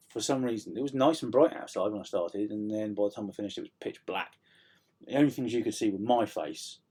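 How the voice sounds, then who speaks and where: A middle-aged man from South Yorkshire talks casually to camera from a room at home. His voice is low and husky, a little croaky. He rambles in a self-deprecating way, full of ums and false starts. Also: dark tone. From South Yorkshire, England. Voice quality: slightly croaky. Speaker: author vlogging a writing update.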